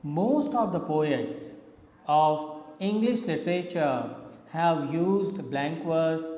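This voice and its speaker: A man's voice: on the high side, takes it slowly, dark tone, echoey room, big-room sound, rough recording. A man teaching literature in a slide lecture, explaining patiently and often checking in with "okay".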